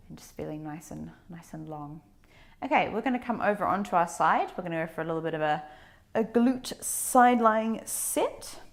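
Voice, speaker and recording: A woman fitness instructor leading a workout, giving calm breathing and movement cues with chatty asides. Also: fairly low pitch.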